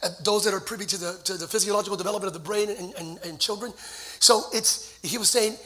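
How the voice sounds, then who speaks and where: A man in his forties, a pastor preaching a sermon to his church, telling a story and building to shouted climaxes. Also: high-pitched, quick pace. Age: 40s. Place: church sanctuary.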